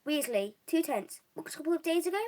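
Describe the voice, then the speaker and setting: A woman's voice: high-pitched, lively intonation, fast, a little mellow, voice pushed up. A woman voicing a cheerful but flustered middle-aged father who stumbles over his words.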